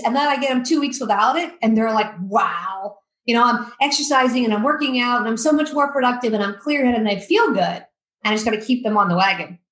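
A woman guest telling lively stories in a podcast interview, acting out the quotes. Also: fairly high pitch, fast talker, reverberant, low-quality recording. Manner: lively storyteller, acts out quotes. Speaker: guest, addiction coach.

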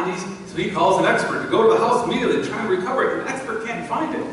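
A male pastor preaching a sermon in a church, telling a story and swinging between hushed and loud. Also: very high voice, racing, few pauses. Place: large church sanctuary. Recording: distant mic, long church reverb, faint noise.

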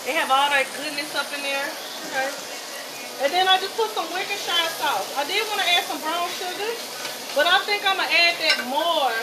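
A woman with a Southern US accent chatting excitedly to viewers while she cooks in her home kitchen. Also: very high voice, brisk. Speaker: home cooking vlogger. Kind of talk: casual cooking chat to viewers. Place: home kitchen with food sizzling. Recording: noisy kitchen background.

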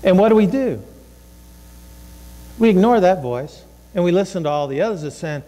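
A man's voice: sits high, lively intonation, normal speed, long pauses, dark tone, long reverb tail. A man preaching a sermon as a pastor, emphatic and repeating his phrases, sometimes voicing inner thoughts.

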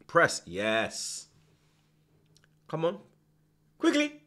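Watchalong host, man, lowish voice but lively and bright, excitable, swears and yells at the screen. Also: measured pace. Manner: excitable, shouts at the screen, heavy slang and swearing. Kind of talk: live match reaction commentary.

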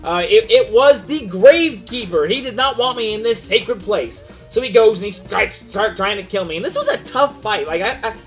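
A man's voice: high voice, moderate pace, few pauses, soft background music. Goofy gamer guy retelling a game story, voice all over the place, stumbles a lot. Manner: animated, goofy, with frequent restarts. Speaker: gaming channel host. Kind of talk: unscripted game story recap.

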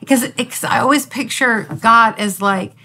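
A woman hosting a faith podcast discussion, responding quickly and with lively reactions. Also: fairly high pitch. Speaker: podcast host.

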